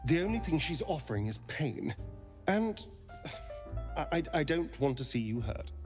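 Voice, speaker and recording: A man voicing a guarded, reluctantly tender elf vampire man in video game dialogue, hesitant and stuttering, with game music clearly behind him. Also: on the high side, very animated, moderate pace. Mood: pleading. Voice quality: hesitant, stuttering, disgusted sigh.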